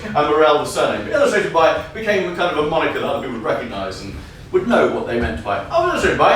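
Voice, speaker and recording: A man telling an improvised comic story on stage, energetic and often laughing as he riffs on audience prompts. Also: fairly high pitch. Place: comedy venue stage. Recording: echoey room from far off, faint noise.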